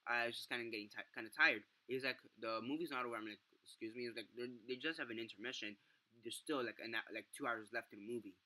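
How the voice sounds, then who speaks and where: A young man with a strikingly bright, forceful voice rants through a film review. He swears freely and piles up fillers and false starts in loose, exasperated chat. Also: mid-range voice, fast. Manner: profane, exasperated ranting with many fillers and restarts. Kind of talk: casual ranting review.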